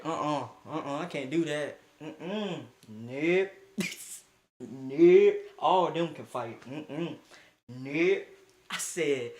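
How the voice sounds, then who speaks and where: A young man casually telling a story, animated, slangy and breaking into laughing asides. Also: on the high side, takes it slowly, long pauses.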